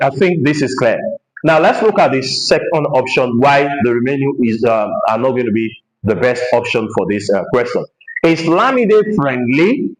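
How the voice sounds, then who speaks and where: A man teaching an English lesson, explaining his points slowly and repeating phrases with heavy stress to show emphasis. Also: mid-range voice, echoey room, low-quality recording.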